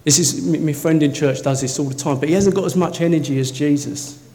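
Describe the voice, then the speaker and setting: A man preaching a sermon in a church, telling stories with swings from quiet to loud, wearing a mic. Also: a little high, brisk. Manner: excitable storytelling, swinging from soft to loud. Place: church hall. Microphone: worn mic. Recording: echoey hall, faint noise.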